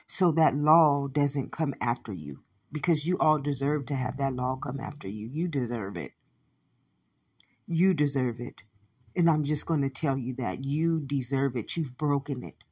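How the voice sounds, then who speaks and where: A woman delivering a profane, repetitive monologue, shouting at times and muttering low at others. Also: a little slow, slightly rough. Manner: swears constantly, repeats phrases, swings from shouting to low mutters.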